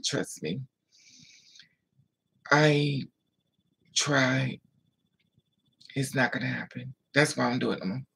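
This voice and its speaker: A storytime vlogger speaks into a close mic in a heavily gravelly, rough voice with a worn, husky edge. The delivery is raw and blunt, full of swearing and repeated phrases. It sounds like personal confession, not performance. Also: medium pitch.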